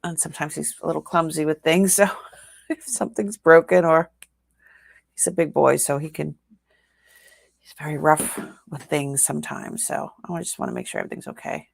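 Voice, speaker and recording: A woman's voice: low voice, fairly even intonation, moderate pace, vocal fry, pauses often, husky, no room sound, clean studio sound. An older woman hosting a live jewelry sale, chatting casually and laughing often. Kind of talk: casual live-stream selling.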